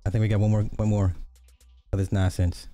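Blunt, mellow-voiced man reacting to clips. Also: on the low side, level tone, fairly quick, faint music behind. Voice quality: blunt, profane, jokey asides. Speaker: commentary host reacting to clips. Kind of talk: casual reaction commentary.

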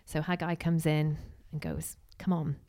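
A woman's voice: deep voice, little pitch movement, measured pace, mellow. A woman giving a casual, chatty sermon, acting out quotes and dropping in asides. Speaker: preacher.

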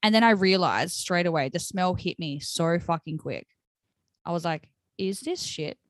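A young woman co-hosting a podcast, telling a story in casual chat, animated and swearing, with lots of "like" and "right?" fillers. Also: lowish voice, normal speed, no echo. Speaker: podcast co-host.

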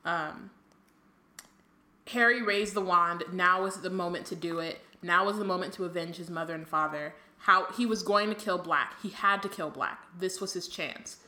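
A woman's voice: lowish voice, normal speed, bright, forceful tone, roomy sound. A woman co-hosting a podcast, chatting casually about a book, reading passages aloud and laughing often. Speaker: podcast co-host. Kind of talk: casual book discussion chat.

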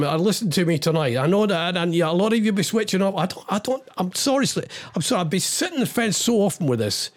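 A man's voice: sits high, expressive, fast, hardly any pauses. A man hosting a radio show, ranting in an agitated, exasperated, rambling way and jumping between asides in a studio. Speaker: radio host. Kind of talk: rambling on-air monologue.

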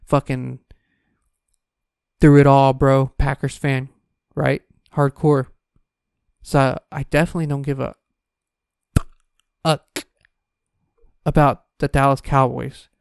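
Gravelly young man ranting. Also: mid-range voice, slow, pauses often, no room sound, clean studio sound. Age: 20s. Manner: profane, animated, emphatic. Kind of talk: casual storytelling rant.

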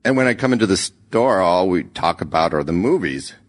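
A man voicing a steady but nervous man leaving a hesitant phone message. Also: low-pitched. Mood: tender worried. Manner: hesitant, halting.

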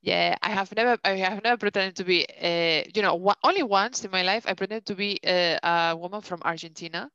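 A woman's voice: medium pitch, fairly quick, hardly any pauses, a bit bright, clean tone, dry recording. A woman with a Spanish accent chats casually as a podcast co-host, with plenty of fillers, restarts and laughter. Her voice sits in a middle range. The recording is slightly dull and lo-fi, with a dry, close sound. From Spain. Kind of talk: casual chat.

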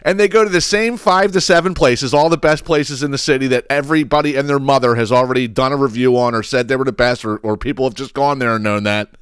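A man's voice: mid-range voice, fast talker, hardly any pauses, fairly bright tone, clear, resonant tone, no echo, studio quality. A man hosting a podcast, ranting with heavy profanity and sarcastic mocking impressions. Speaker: podcast host. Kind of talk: ranting solo podcast monologue.

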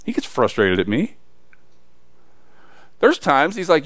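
A man preaching a sermon, reading scripture and then talking it through in a casual, emphatic way with sudden loud peaks and quiet asides. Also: a little high, wildly swooping pitch, takes it slowly, long pauses, dry recording, clean studio sound. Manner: reads scripture aloud then preaches conversationally with slang.

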